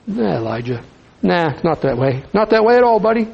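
A man's voice: high-pitched, big pitch swings, normal speed, creaky, breathy edge, lo-fi sound, exaggerated voice. A man doing a folksy, coaxing God. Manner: folksy, coaxing, calls him buddy. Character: easygoing fatherly God, casual, friendly.

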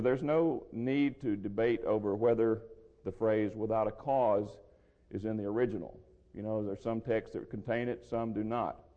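Guy doing a bible study talk, mellow low-key voice, dry throat, long echo in a big room. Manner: measured, explanatory, restarts phrases. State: dry throat, sipping water. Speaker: Bible teacher. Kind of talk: verse-by-verse Bible teaching. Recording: lo-fi with long hall reverb.

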